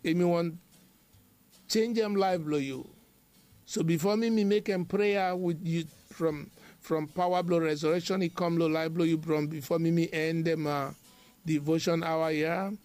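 A high-pitched man preaches a devotional sermon. He drives his points home with emphatic, repetitive phrases in a chanting rhythm. Soft music plays faintly underneath. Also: fairly even intonation, measured pace, dry recording.

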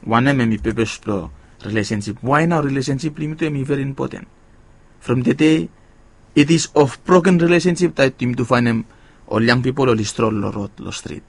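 A preacher with a creaky, mid-pitched voice moves briskly through his sermon. Important words get lifted with emphasis, while the tail of every phrase drops away quietly.

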